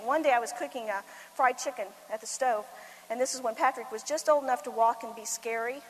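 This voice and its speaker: High-voiced woman speaking in a reverberant hall. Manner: animated storytelling, acts out quotes, sudden loud bursts. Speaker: conference speaker for mothers. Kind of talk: humorous motivational talk. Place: conference hall. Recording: long hall reverb, faint background noise.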